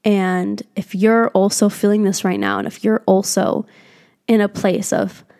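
A woman's voice: medium pitch, very animated, measured pace, mellow. Brief: young woman, solo podcast host, frank and foul-mouthed, self-reflective pep talk, mid-range voice. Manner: candid and heavily profane. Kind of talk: casual solo podcast monologue.

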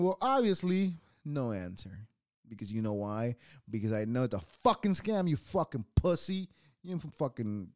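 A young adult man rants casually on his own podcast, swearing heavily, mocking, and laughing often. His voice is fairly low and a little mellow, captured with clean studio quality and no room sound.

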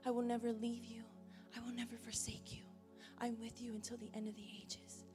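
A woman voicing God in a whispered role-play, giving soft, tender reassurance. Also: fairly high pitch, monotone, brisk, over music, natural voice. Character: God, loving and close, whispering comfort.

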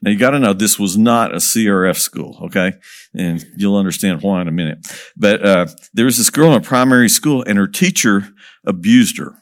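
A man working as a missionary speaker tells a story to an audience, lively, asking questions and chuckling as he goes. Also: fairly low pitch, a little fast.

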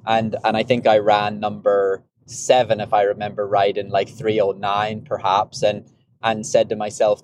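A man's voice: on the low side, completely flat delivery, normal speed, a little mellow, slight background noise. A man hosting a podcast in a casual, rambling monologue about running, often repeating and restarting words. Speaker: podcast host, runner.

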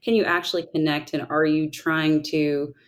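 A woman in her thirties with a notably low voice answers interview questions in an earnest, reflective way. She is a trial lawyer from the Southern United States who thinks aloud and often restarts her sentences. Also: level tone, normal speed, poor audio. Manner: thoughtful, earnest, with frequent restarts. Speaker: trial lawyer, podcast guest.

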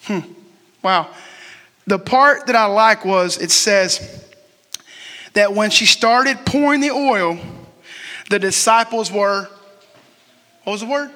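High-voiced bright pastor in a reverberant hall. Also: male voice, slow pace, pauses often. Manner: conversational, asks the crowd questions and jokes. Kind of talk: sermon. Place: church sanctuary.

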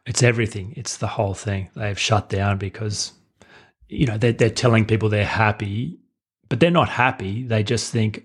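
Husky man telling stories. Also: lowish voice, moderate pace. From Australia. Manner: animated storyteller acting out dialogue, frequent restarts. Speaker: life coach guest. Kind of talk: conversational interview storytelling.

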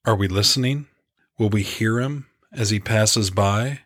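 Slow, low-voiced male preacher. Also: a bit bright, dry recording, studio quality. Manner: earnest, reflective, measured. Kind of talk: devotional story narration.

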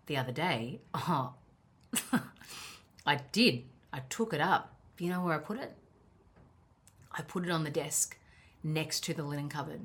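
A woman's voice: low-pitched, a bit bright. A woman with an Australian accent, a coach talking candidly in a casual monologue, swearing freely and laughing at herself. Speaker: life coach.

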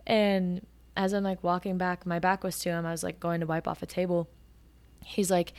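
A woman in her twenties hosting a podcast, telling stories in a casual, animated way and acting out the quotes. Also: fairly low pitch, moderate pace. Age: 20s. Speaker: podcast host. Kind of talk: casual storytelling.

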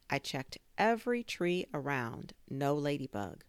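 Woman, children's audiobook narration, expressive storytelling, low voice, lively melody. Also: unhurried, gravelly, no room sound.

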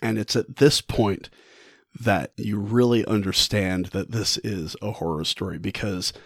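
A man casually retelling a classic short story with animated energy, laughing often and restarting his phrases. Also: fairly low pitch, unhurried, dry recording, studio quality. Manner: animated, retells the story with mock-quoted thoughts. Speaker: book vlogger. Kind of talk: casual book discussion.

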